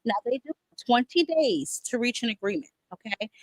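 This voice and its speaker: A woman's voice: fairly high pitch, expressive, normal speed, dry recording, rough recording. A woman hosting a boxing talk show in a casual live-stream chat, sassy and chatty, calling viewers "honey" and "child" and greeting them by name.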